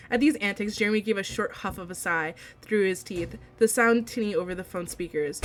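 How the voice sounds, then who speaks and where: A woman streamer reading a visual novel aloud, breaking into gushing, excitable outbursts. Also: mid-range voice, brisk, few pauses, a little hiss or hum.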